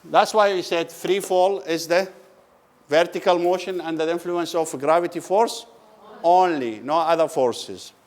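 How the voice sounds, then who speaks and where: Man lecturing, slow questioning delivery. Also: fairly high pitch. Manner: asks the class questions and answers them, repeats key words slowly. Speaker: physics lecturer. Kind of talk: classroom lecture. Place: lecture room.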